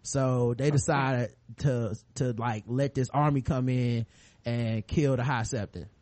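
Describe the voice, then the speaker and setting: A man's voice: mid-range voice, steady tone, unhurried, darkish tone, no echo. A man co-hosting a podcast, casually retelling a TV episode and acting out the scenes in quoted voices. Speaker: podcast co-host. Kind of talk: casual chat recapping a TV episode.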